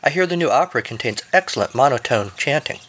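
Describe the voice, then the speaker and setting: A man voicing an aloof young princess who speaks in a flat, offhand way. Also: medium pitch, fast talker, pitched above the performer's own voice. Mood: deadpan.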